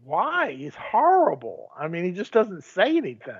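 Opinionated man, slightly high voice. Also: wildly swooping pitch, moderate pace, breathy edge. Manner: storytelling, opinionated. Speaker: podcast co-host. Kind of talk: casual sports chat. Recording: dull lo-fi audio.

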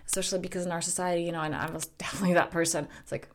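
A woman's voice: lowish voice, steady tone, very fast, few pauses. A woman life coach talking to listeners in an earnest, direct way, with the odd swear word. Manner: earnest, direct, mildly profane. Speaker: life coach and podcast host. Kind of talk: casual spoken monologue.

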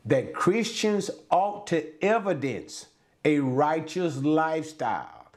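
A man's voice: on the high side, lively intonation, slow. A man preaching and teaching from the Bible, stressing words emphatically and drawing them out, with frequent fillers.

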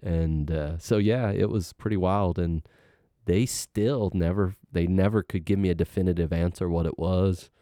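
A middle-aged man casually telling a personal story, animated and acting out what people said. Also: low-pitched, moderate pace, no echo, clean studio sound. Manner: animated, acts out quoted voices, laughs while telling.

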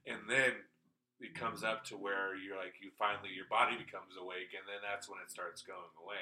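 A man's voice: low-pitched, flat delivery, fairly quick, pushed and bright, a little hiss or hum, rough recording. A man hosting a podcast, telling a story in casual chat, rambling and swearing freely. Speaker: podcast host.

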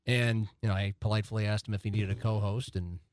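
A man's voice: on the low side, little pitch movement, quick pace, darkish tone, dry recording, clean studio sound. A man who works as a sports radio host, chatting casually on a podcast. He chimes in with facts and often trails off mid-sentence. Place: podcast studio.

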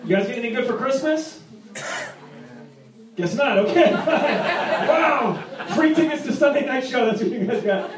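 A young man from Rhode Island with a strikingly high voice, working a stand-up set with wry storytelling and sudden loud punchlines. He is picked up from across an echoey club, and a lively crowd laughs along around him. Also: moderate pace, very noisy. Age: 20s. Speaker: stand-up comedian. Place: comedy club stage. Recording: echoey club recorded from a distance, audience laughter.

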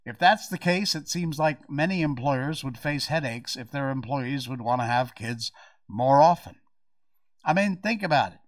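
An American man hosting a podcast, giving wry, animated commentary on news and drawing out words for effect. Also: medium pitch, moderate pace. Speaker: podcast host. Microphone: podcast mic.

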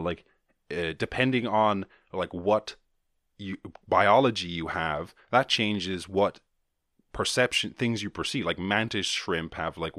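Rambling low-voiced man on a solo podcast. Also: a bit bright, dry recording, studio quality. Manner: rambling, swears casually, many restarts. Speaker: podcast host.

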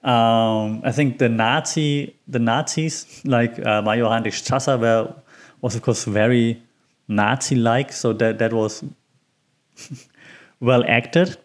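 A man's voice: medium pitch, steady tone, slow. A man hosting his own podcast, talking in a loose, chatty way full of ums and small laughs at himself. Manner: rambling and chatty with frequent ums. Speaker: podcast host. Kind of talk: casual solo podcast commentary.

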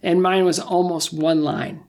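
Gravelly middle-aged man telling stories. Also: sits high, level tone, measured pace, a little mellow. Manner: self-deprecating, joking. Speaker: guest. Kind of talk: casual interview storytelling.

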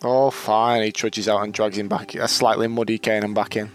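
A man's voice: on the low side, level tone, normal speed, faint music behind. A man narrating as game master in a tabletop game, playful in tone.

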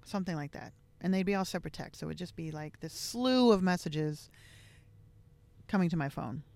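A woman's voice: on the low side, fairly quick, vocal fry, darkish tone, no echo. A woman hosting a podcast, telling a personal family story in a candid, reflective way with many casual fillers. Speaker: podcast host.

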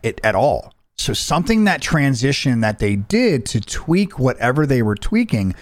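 A man's voice: medium pitch, moderate pace, no room sound. A young adult man hosting a casual chat, telling a story with acted-out quotes and plenty of swearing. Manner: animated storyteller, acts out quotes, swears freely. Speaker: podcast host.

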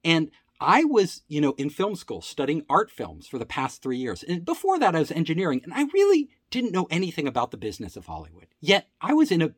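Lively male storyteller, husky and a bit high, dry close sound. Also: a little fast, hardly any pauses, dry recording. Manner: animated, acts out quoted voices, laughs often. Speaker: storyteller recounting his career. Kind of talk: casual personal storytelling.

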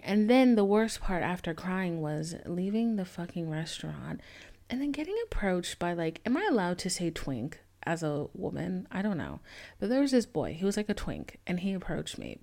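A woman's voice: on the low side, darkish tone. A young woman hosting a casual solo podcast, telling a candid, rambling story with lots of fillers and swearing. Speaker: podcast host.

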